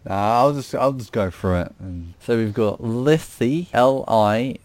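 A man's voice: medium pitch, unhurried, darkish tone, no echo. A man hosting a podcast, reading out quiz questions in casual chat, joking and stumbling over words. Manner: jokey, stumbles over words and laughs at himself.

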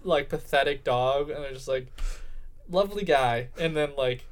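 A man's voice: fairly even intonation, normal speed. A young man co-hosting a casual podcast, retelling a comedy sketch in a rambling way and slipping into voices for the people in it. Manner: rambling storyteller, acts out characters in high voices. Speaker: podcast co-host.

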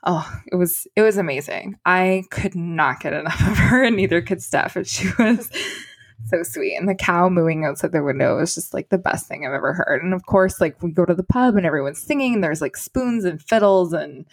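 A woman's voice: on the low side, normal speed. A woman telling a travel story in casual chat, laughing often and saying "like" a lot.

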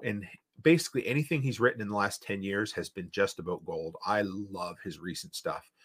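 A man's voice: mid-range voice, fairly bright tone. A man with an Eastern Canadian accent, hosting a casual livestream and reading viewer comments aloud with rambling reactions. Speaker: podcast host.

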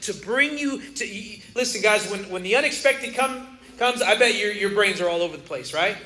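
A man pastor giving an emotional sermon, swinging from loud cries to soft, low passages, in a church. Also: lively intonation, moderate pace. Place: church sanctuary. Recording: roomy church hall.

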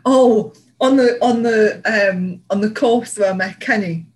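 With a medium pitch and a measured pace, this woman from Northeast England co-hosts a casual podcast chat. She rambles through her stories, dropping in frequent fillers and laughs, and the recording quality is low.

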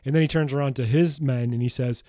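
Man hosting a solo podcast. Mellow voice, blunt and emphatic, swears casually. Dry, close recording. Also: mid-range voice, steady tone, quick pace, dry recording. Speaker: podcast host.

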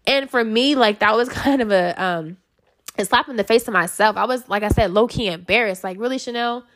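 A woman's voice: mid-range voice, fairly quick, fairly bright tone. A woman sharing a personal story in a casual, chatty way, full of fillers and self-corrections. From United States. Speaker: speaker sharing personal experience.

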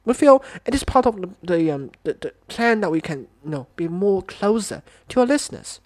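A man's voice: high-pitched, sing-song, normal speed, no room sound. A man hosting a podcast interview, speaking hesitantly with frequent restarts. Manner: hesitant, with many fillers and restarts. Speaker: podcast host.

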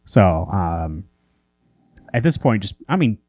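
A man's voice: low-pitched, sing-song, slow pace, warm tone, dry recording, studio quality, soft background music. A man co-hosting a podcast in casual chat, rambling with lots of fillers and restarts while he rants in exasperation. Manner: exasperated ranting. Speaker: comic book podcast co-host.

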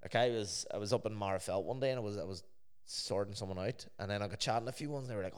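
A man's voice: lowish voice, fast talker, clean tone. A man co-hosting a casual podcast chat, swearing freely and acting out what other people said to him. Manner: swears freely, quotes others in chatty asides. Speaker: podcast co-host and DJ.

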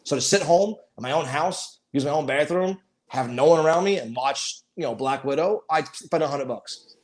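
A man's voice: a little high, moderate pace. A middle-aged man in casual chat as a podcast co-host, profane and emphatic, stating strong opinions.

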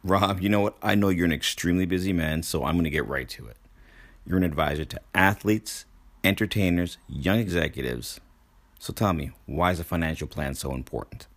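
A man's voice: sits low, a little fast, no echo. A man hosting a podcast, opening the show in an upbeat, announcer-like way and then interviewing his guest. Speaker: podcast host.

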